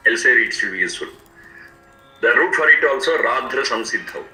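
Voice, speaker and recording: A man teaching a scripture, explaining each word slowly and repeating its meanings. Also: mid-range voice, expressive, sharp tone, echoey room, faint music behind, rough recording. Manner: slow, repetitive word-by-word explanation. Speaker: Vedic teacher. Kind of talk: explanatory lecture.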